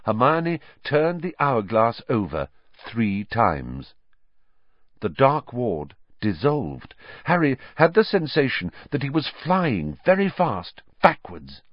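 A man reading a story aloud as an audiobook narrator in a measured, expressive way. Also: medium pitch, no room sound, dull audio. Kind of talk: scripted narration.

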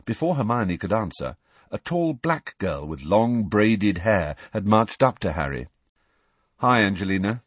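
A man narrating an audiobook in an expressive storytelling manner. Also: fairly low pitch, measured pace, husky, no echo.

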